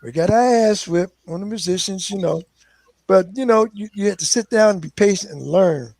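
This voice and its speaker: An older man from Philadelphia, a guest musician telling animated stories in casual conversation. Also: high voice, fairly quick, creaky, no echo. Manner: animated, acts out quoted voices. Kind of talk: casual storytelling.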